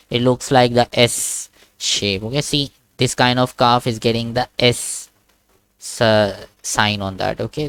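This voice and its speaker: Teaching Quran one-on-one online through a video call, a man demonstrates sounds and keeps checking "okay?" in a patient, repetitive manner. His mid-range voice is smooth and fairly bright, with no echo.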